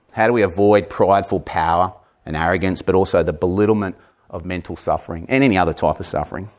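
A man in his forties preaching a sermon, emphatic, repeating words and moving between raised and hushed delivery. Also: low-pitched. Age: 40s.

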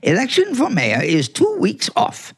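A man's voice: high-pitched, wildly swooping pitch, a little slow, breathy edge, heavily acted. An actor playing a clever, bossy talking male house cat in a 1940s radio play, smug and theatrical. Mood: scheming.

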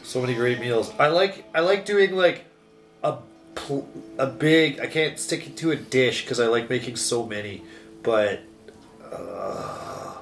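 A man's voice: medium pitch, a bit bright. A man in a casual chat, rambling with lots of "like" and restarts as he searches for words. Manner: rambling, many fillers and restarts.

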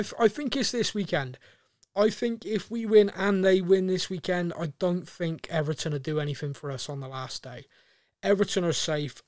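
A man co-hosting a football podcast in casual chat, animated and laughing often. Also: fairly high pitch, no echo, studio quality. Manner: animated, laughing, mimics a manager's rants. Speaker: podcast co-host.

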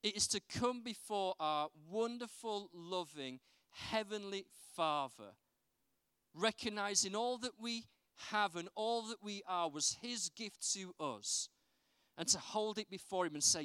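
This man's sermon is delivered at normal speed in a high-sitting, clear, resonant voice, recorded dry with clean studio sound. He brings stories to life and puts rhetorical questions to his congregation.

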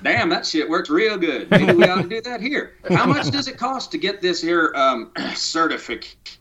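A man's voice: sits high, big pitch swings, normal speed, a loud crowd, pitched above the performer's own voice. A man voicing a folksy good old boy who talks in a plain, crude, drawling country way. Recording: dull lo-fi sound.

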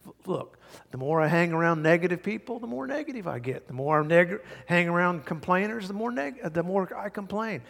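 A middle-aged male pastor preaching a sermon, telling stories with big swings from hushed to loud. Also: high-pitched, a little fast, gravelly. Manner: animated storytelling, swings from quiet to loud. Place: large church hall. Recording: hall reverb.

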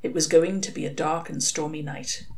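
A woman reading a novel aloud in an expressive storytelling manner. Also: sits low, normal speed. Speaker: reader.

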